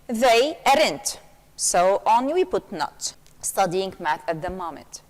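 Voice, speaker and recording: A woman English teacher, her voice sitting a little high, walks through grammar rules slowly and patiently. She keeps slipping in "okay" as she explains each step. The recording carries a long, hollow reverb. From Syria. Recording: long reverberant room echo.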